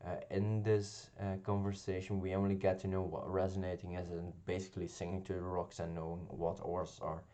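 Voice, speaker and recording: A man with a deep, dark voice talks through a television episode in a casual review. His delivery stays fairly flat, and he stops and restarts often, filling the gaps with ums. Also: brisk, hardly any pauses. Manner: hesitant, many ums and restarts. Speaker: video reviewer.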